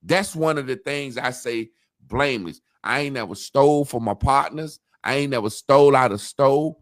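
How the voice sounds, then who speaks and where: A man's voice: mid-range voice, moderate pace, dry recording, studio quality. A man telling a long story in casual chat, swearing freely and acting out what others said. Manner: profane, animated storytelling, acts out quotes. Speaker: podcast co-host.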